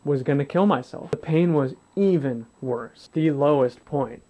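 A vlogger in his twenties, his voice on the high side, warm and unhurried, tells a personal story to camera. He's blunt and profane, swearing freely and acting out what other people said.

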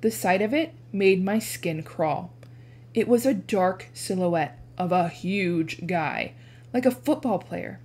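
A woman teacher reading a chapter book aloud with expressive narration. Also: takes it slowly. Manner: animated, changes pitch for dialogue.

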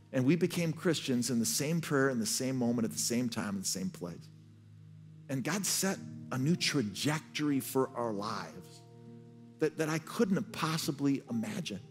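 A man's voice: medium pitch, lively intonation, moderate pace, a little mellow, faint music behind. A man preaching a sermon as pastor. He tells his story earnestly and often repeats words as he restarts. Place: church stage.

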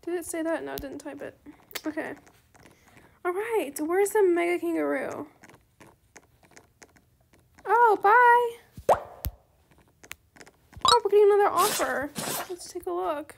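High-voiced woman with gravelly fry. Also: moderate pace, a little hiss or hum. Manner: chatty, bursts into excited squeals. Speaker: gaming channel host. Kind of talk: casual gameplay commentary.

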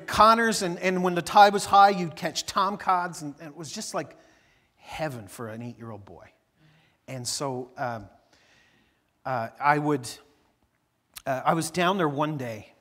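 A man's voice: medium pitch, a bit bright, big-room sound. A middle-aged man, a pastor telling a childhood story in a conversational sermon full of fillers and restarts. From Newfoundland, Canada.

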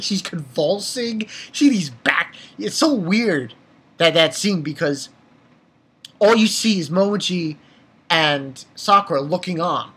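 A young adult anime reviewer giving a casual episode recap, rambling and excitable and swearing freely. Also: mid-range voice, slow, slightly rough.

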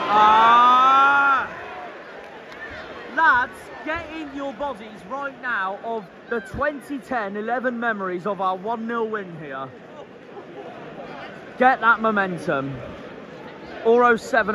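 A man from southwest England commentates live from the stands of an outdoor football ground, recorded on a handheld phone. His voice is high for a man and his delivery unhurried, broken up by excited shouts at the players. A thundering crowd and heavy stadium noise surround him. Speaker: football fan vlogger.

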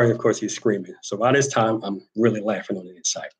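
A man's voice: lowish voice, fast, rough recording. A man hosting a casual talk show, telling an army story with quoted voices and reading viewer comments. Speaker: host.

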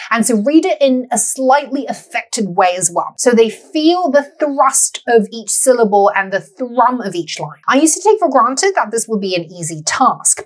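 A woman teacher explains poetry with a lively voice that rises and falls widely. Her pitch sits in the middle of the range. She sounds engaged and speaks in clear teaching sentences. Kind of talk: explanatory lesson.

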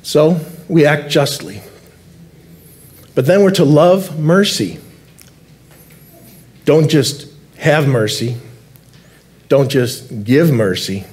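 Earnest guy preaching in church, repeats words for emphasis, slows way down on the big points. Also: fairly high pitch, animated, a little mellow. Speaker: lead elder preaching. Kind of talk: sermon. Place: church sanctuary.

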